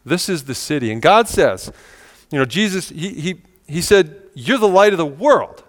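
A man's voice: a little high, big pitch swings, normal speed, in a large hall. A man preaching a sermon in a church, talking in a conversational, earnest way with many rhetorical questions. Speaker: pastor. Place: church sanctuary.

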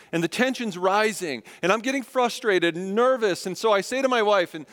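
A high-pitched male pastor in his thirties delivers a sermon with a smooth, resonant voice. He tells a self-deprecating story and animatedly acts out the lines of the people in it. The sound carries a long reverb from the church hall. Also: lively intonation, a little fast, fairly bright tone. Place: church sanctuary.

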